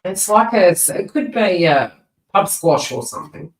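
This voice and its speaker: A woman's voice: on the low side, animated, measured pace, distant mic. Woman, live tarot reader, rambling chatty delivery, roomy and off-mic. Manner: chatty, rambling, with frequent asides and restarts. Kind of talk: live-streamed tarot reading. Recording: roomy sound, voice away from the mic.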